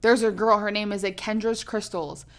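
A woman's voice: mid-range voice, fairly even intonation, moderate pace. A woman co-hosting a casual chat, chatty and emphatic, swearing and using lots of fillers.

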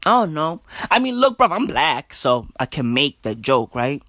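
A man's voice: fairly high pitch, very animated, moderate pace, sharp tone, dry recording, clean studio sound. A man just woken up, rambling in a loose, profane comic monologue and saying bruv a lot. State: just woke up, yawning. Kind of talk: stand-up style monologue.

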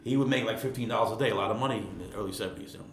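A man around sixty from Queens, telling stories casually as an interview guest, rambling and repeating words. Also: racing. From Queens, New York. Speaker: guest, retired ironworker. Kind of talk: casual storytelling. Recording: echoey room, faint rumble.

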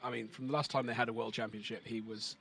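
A man in his thirties talks casually on a podcast, stopping and restarting his thoughts. His voice is slightly husky, with a middle pitch. He talks like a teacher who also makes music. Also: flat delivery, a bit bright. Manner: hesitant, many restarts, reads poetry slowly and measured. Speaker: guest, beatboxer and English teacher.

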